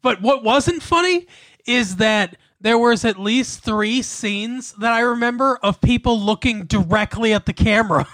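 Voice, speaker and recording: High-voiced man with dry agreeable asides. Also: unhurried, a bit bright. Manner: dry and agreeable, chiming in often. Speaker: podcast co-host. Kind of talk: casual movie review chat.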